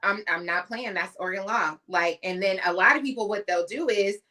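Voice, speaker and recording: A woman's voice: medium pitch, brisk, pushed and bright. A woman from the US West Coast co-hosting a podcast, chatty and emphatic as she tells stories. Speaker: podcast co-host. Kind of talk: casual podcast chat.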